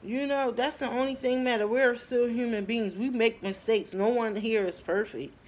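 A woman in her twenties talking casually to her viewers, telling her story with lively bursts and lots of fillers and pauses. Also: a little high. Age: 20s. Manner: chatty, animated storytelling, addresses viewers as y'all; frequent fillers and trailing pauses. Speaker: vlogger. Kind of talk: casual talk to camera.

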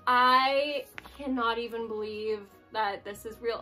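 A woman chats through an unboxing for her channel in a slow, relaxed pace and a slightly raised, bright voice. She gushes with exclamations and sounds moved almost to tears. Soft music plays faintly behind her. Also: on the high side. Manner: gushing and effusive, many exclamations; soft-spoken and touched, near tears. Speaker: YouTube channel host. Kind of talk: casual unboxing chat.

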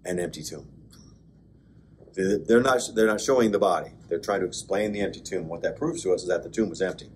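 A man, a pastor, giving a conversational Bible class lecture, with joking asides and bursts of excited emphasis. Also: sits low, a little fast, slight background noise. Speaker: pastor teaching an adult class. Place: church classroom.

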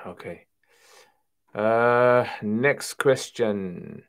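Male host with a lower voice, reading out questions and answering off the cuff on a casual stream. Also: very slow, clear, resonant tone. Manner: reads viewer questions aloud then answers conversationally. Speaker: Islamic Q&A livestream host. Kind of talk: casual livestream Q&A.

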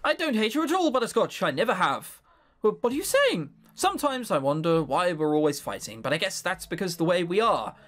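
A man voicing a steady, reassuring young woman companion in a calm, low-key way. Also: brisk. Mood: gentle. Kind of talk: let's play voice acting.

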